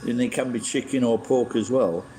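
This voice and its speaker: A man's voice: medium pitch, fairly even intonation, normal speed, warm tone, faint music behind, rough recording. A middle-aged man from England, hosting a rambling, casual livestream chat and swearing bluntly as he shares strong opinions. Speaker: livestream host.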